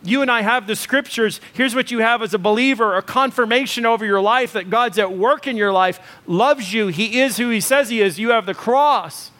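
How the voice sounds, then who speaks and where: A man's voice: high-pitched, normal speed, few pauses, pushed and bright. A male pastor preaching a sermon in a conversational style with many fillers, building to emphatic repeated lists.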